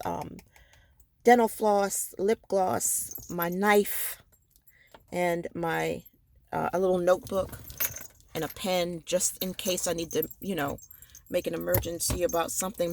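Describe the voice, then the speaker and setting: A tired woman with a crackly voice chatting casually in a rambling vlog from her parked car. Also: fairly low pitch. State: tired, ready for bed. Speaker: vlogger.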